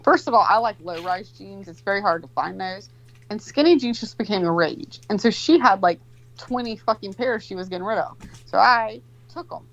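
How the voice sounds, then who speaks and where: A woman's voice: mid-range voice, lively intonation, normal speed, lo-fi sound. A woman in her forties telling a long, profane, rambling story in casual chat.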